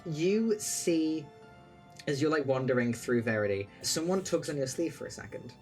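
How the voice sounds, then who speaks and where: A man's voice: on the high side, animated, moderate pace, darkish tone, soft background music. A man running a tabletop game as game master, narrating loosely with lots of "like" and "sort of".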